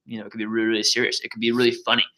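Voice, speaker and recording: Fast-talking energetic young man coaching. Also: on the low side, low-quality recording. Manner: energetic and loud, says so himself, many fillers. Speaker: sales trainer. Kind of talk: casual coaching walkthrough.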